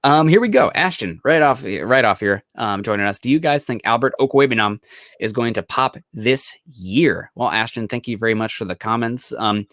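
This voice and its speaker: This podcast features a young man from Iowa in easygoing chat, his talk loose and full of fillers. He has a mid-range voice at a moderate pace, recorded cleanly in a studio without any room sound.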